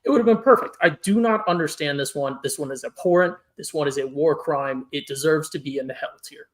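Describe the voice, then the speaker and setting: A man co-hosting a podcast, ranting in an animated, exasperated way during a casual food-ranking chat. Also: a little high, a little fast. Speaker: podcast co-host.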